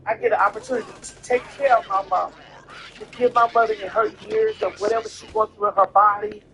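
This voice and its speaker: A man's voice: high-pitched, animated, fast talker, gravelly, a bit bright, soft background music. A tipsy man telling a personal story in a casual way, emphatic, repetitive and profane.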